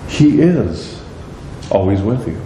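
Male pastor, animated sermon delivery with acted-out quotes, warm voice, echoey sanctuary. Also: on the low side, slow pace. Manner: animated, acts out prayers and quotes in a raised voice. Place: church sanctuary. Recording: echoey church hall, faint noise.

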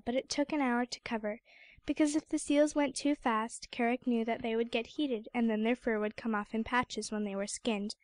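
A woman reading a classic storybook aloud as an audiobook narrator, measured and even. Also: on the high side, no echo. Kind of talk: scripted narration.

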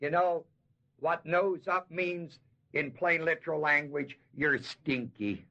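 A man giving a verse-by-verse Bible teaching, with a slightly high and bright, forceful voice. He talks at a slow, deliberate pace, drawing out key words for emphasis and putting questions to his listeners. The sound comes from a dull, lo-fi 1970s tape recording. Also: fairly even intonation. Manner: emphatic, slows and stresses key words, asks the audience questions.

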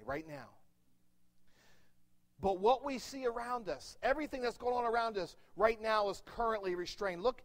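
A man with a Pennsylvania accent preaches from the pulpit in a fairly high voice. He leans hard on key words, swelling loud and then dropping low. Long church reverb trails his voice. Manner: emphatic preaching, rises and drops in volume. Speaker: pastor. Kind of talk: sermon. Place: church sanctuary.

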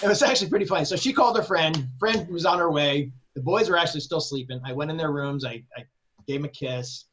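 A man, a guest on an interview podcast, telling a personal story in a casual, animated way, swearing freely and laughing between phrases. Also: on the high side, fast talker. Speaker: guest composer.

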